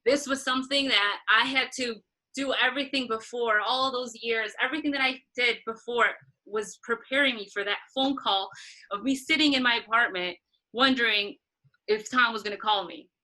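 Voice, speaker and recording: Bright animated woman telling a story. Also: fairly high pitch, normal speed, low-quality recording. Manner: animated, acts out quoted voices, laughs often. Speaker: interview guest, concert photographer. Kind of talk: casual storytelling interview.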